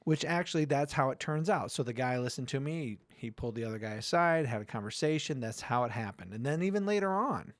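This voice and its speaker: A man's voice: medium pitch, expressive, fast talker, hardly any pauses, dry recording. A middle-aged man co-hosting a casual podcast, talking bluntly and emphatically and swearing freely. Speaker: podcast co-host. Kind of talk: casual profane chat.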